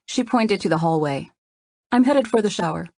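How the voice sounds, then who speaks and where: A woman's voice: medium pitch, animated, normal speed, a little mellow, dry recording. A woman voicing an apologetic, flustered young woman roommate in a romance audiobook. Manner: flustered, eager.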